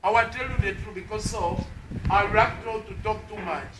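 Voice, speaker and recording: A man's voice: high-pitched, moderate pace. A Congolese man talking in broken English and singing snatches of a song, repeating himself in a pleading way over drinks. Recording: roomy, distant, noisy camera audio.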